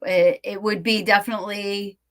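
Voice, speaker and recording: Woman hosting a casual stream; mid-range voice, eager and quick to react. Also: mid-range voice, little pitch movement, fairly bright tone. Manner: enthusiastic, reacts with short exclamations. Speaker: host. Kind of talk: casual live-stream chat.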